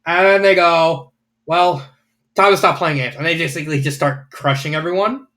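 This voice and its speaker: A man's voice: on the high side, a bit bright. A man casually reviewing fanfiction, rambling with lots of fillers and the odd swear word.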